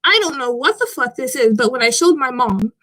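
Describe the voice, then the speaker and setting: A young woman talks straight to camera in a loose, rambling vlog chat, her voice sitting high. She drops swear words freely and keeps a skeptical, offhand edge as she goes. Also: expressive, brisk, pushed and bright. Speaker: vlogger. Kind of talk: casual chat.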